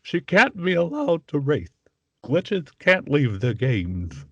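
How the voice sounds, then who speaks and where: A man voicing a fussy, scheming cartoon king made of candy, in a high, drawn-out whine. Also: huge pitch swings, fairly bright tone, dry recording, dull audio, full character voice. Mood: indignant.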